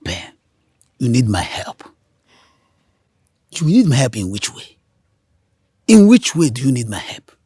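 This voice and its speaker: A man's voice: medium pitch, big pitch swings, takes it slowly, long pauses, a little mellow, breathy edge, no echo, clean studio sound, heavily acted. A Nigerian-accented actor playing a concerned friend who keeps repeating his questions, in a film drama.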